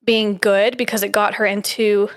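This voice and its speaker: A woman's voice: medium pitch, level tone, normal speed. A woman co-hosting a podcast, telling a story in a chatty, giggly way with lots of "like" and "um". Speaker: podcast co-host. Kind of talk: casual storytelling chat.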